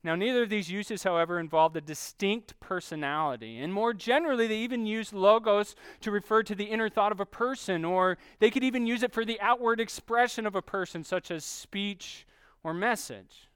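A man preaching a sermon, teaching steadily and slowing down to stress key phrases. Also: high voice, animated, fairly bright tone, clean tone, no room sound. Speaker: pastor.

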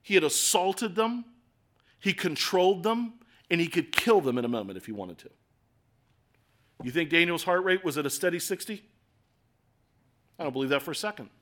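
A middle-aged man preaching a sermon in a conversational, animated way with acted asides. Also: a little high, moderate pace, long pauses. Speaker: pastor.

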